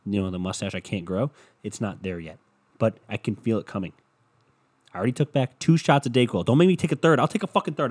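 A man's voice: lowish voice, expressive, fast talker, breathy edge. A man hosting a casual solo podcast, rambling and cursing with self-mocking humor, a bit congested from a cold. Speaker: podcast host.

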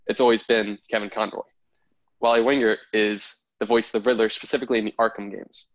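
A young man with a somewhat low voice hosts a casual podcast chat, steering to new topics and explaining at length. The call audio is dull and lo-fi. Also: level tone, fast. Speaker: podcast host. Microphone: video call.

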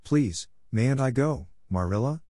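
A man's voice: medium pitch, lively intonation, unhurried, dark tone, no room sound, studio quality, pitched above the performer's own voice. A man voicing an eager, chatty, imaginative young girl who gushes and pleads breathlessly. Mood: pleading.

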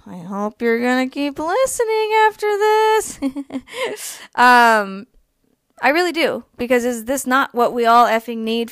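A woman's voice: fairly high pitch, fairly bright tone, clear, resonant tone, no room sound. A young woman co-hosting a podcast, ranting emphatically in a heated personal monologue, swearing freely. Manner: emphatic, swears freely, laughs between points. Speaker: podcast co-host.

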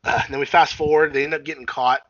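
A man's voice: on the high side, steady tone, fast talker, a bit bright, dry recording, dull audio. A man casually recapping a film on a podcast, rambling and swearing, often acting out quotes and laughing. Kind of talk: casual chat.

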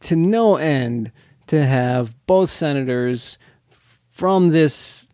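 A man co-hosting a casual podcast, with a fairly high voice. He chats freely and stumbles over his words as he restarts. The sound is dry, with no room echo. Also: animated, extremely slow, darkish tone. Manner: chatty, repeats words when he restarts. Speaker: podcast co-host. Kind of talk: casual chat.

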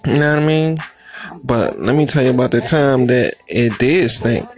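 Gravelly man telling a rambling comic story. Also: medium pitch, animated, normal speed, a little mellow, faint music behind. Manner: rambling, repetitive, swearing, frequent "you know what I mean". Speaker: comedian.

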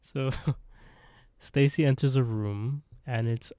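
A man's voice: medium pitch, slow pace, warm tone, dry recording, clean studio sound. A man co-hosting a podcast, casually retelling an episode's plot and laughing often. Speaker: podcast co-host. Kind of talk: casual recap chat.

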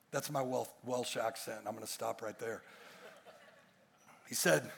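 On a church stage before his congregation, a male pastor delivers an emphatic sermon full of rhetorical questions and jokes. His medium-pitched voice is slightly rough with vocal fry, moves at a normal speed with frequent pauses, and echoes through a large hall.

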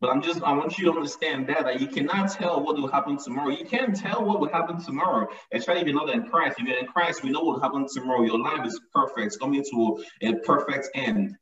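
A man's voice: mid-range voice, fast talker, few pauses, a bit bright. A man preaching a sermon with emphasis, often repeating his lines to drive them home. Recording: echoey, distant, dull sound.

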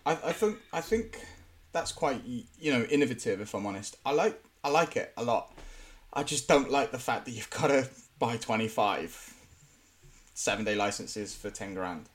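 A man's voice: mid-range voice, lively intonation, moderate pace. A man from England, a self-employed contractor, talking frankly in casual panel chat, rambling with many restarts.

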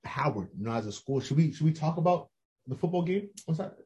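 A man's voice: on the high side, lively intonation, fast, warm tone, lo-fi sound. A young man co-hosting a podcast in casual chat, hyped and repeating his phrases. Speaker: podcast co-host.

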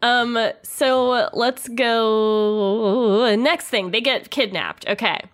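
A woman's voice: fairly high pitch, very slow. A woman co-hosting a podcast in casual chat, laughing often and steering the discussion. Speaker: podcast co-host.

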